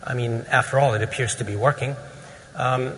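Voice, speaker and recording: A man's voice: mid-range voice, steady tone, moderate pace, fairly bright tone. Male physician presenter, casual and joking, in a reverberant hall with faint room noise. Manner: casual and joking, with many fillers. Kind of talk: conference lecture.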